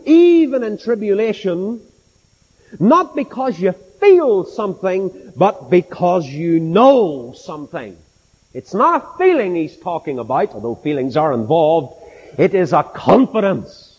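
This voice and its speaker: Impassioned Northern Irish preacher, high lively voice. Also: male voice, normal speed. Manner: impassioned, rhetorical, mimics objectors. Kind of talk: sermon. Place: church with a long reverb. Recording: reverberant church hall.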